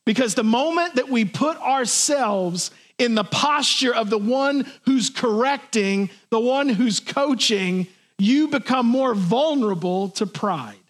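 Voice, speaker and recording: A man preaching a sermon to his congregation in an earnest, plain way, sometimes acting out voices. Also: high voice. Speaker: pastor.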